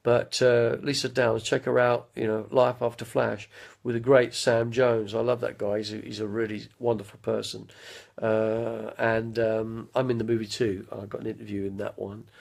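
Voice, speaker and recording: A man's voice: lowish voice, flat delivery, moderate pace, gravelly, darkish tone. A man, chatting live from home to his viewers, drifting from one anecdote to the next. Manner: chatty, drifting between anecdotes, bursts into impressions and song. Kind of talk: rambling live-stream chat.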